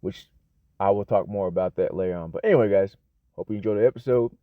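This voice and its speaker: A man's voice: on the low side, fast, no echo. An American man giving an unscripted casual English lesson, rambling with lots of fillers, restarts and self-corrections. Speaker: English teacher. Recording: dull, lo-fi dry sound.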